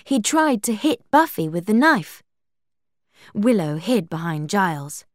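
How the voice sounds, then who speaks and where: A woman reading a story aloud, lifting her pitch for the characters' quoted lines. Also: no room sound, clean studio sound. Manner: slow, lively reading; higher pitch for quoted speech. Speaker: narrator.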